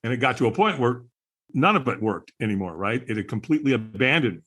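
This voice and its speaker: A man's voice: mid-range voice, very animated, quick pace, a bit bright. A middle-aged man, a podcast guest, candidly telling his personal story in conversation, earnest and chuckling now and then.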